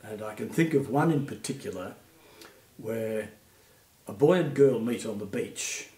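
A man's voice: lowish voice, animated, a little slow. Elderly Australian man, echoey and distant. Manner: gentle anecdotal storytelling, frequent fillers. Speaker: retired puppeteer guest. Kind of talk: reminiscing interview. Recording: echoey room, off-mic.

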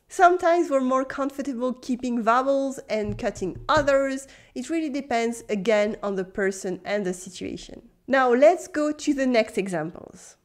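A woman with a French accent, a native French speaker, teaching a language lesson in English and patiently explaining step by step. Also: fairly high pitch. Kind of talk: scripted video lesson.

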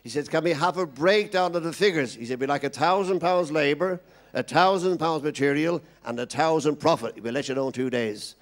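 Irish male stand-up comic with a rambling joke-telling manner and a voice a touch on the high side. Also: fairly quick. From Ireland. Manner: rambling joke teller, playing all the characters himself. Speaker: stand-up comedian.

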